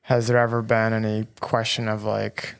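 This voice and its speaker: A man hosting an interview, asking gentle questions and giving short affirmations. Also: fairly low pitch, completely flat delivery, normal speed, creaky, smooth. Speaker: podcast host. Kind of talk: casual interview.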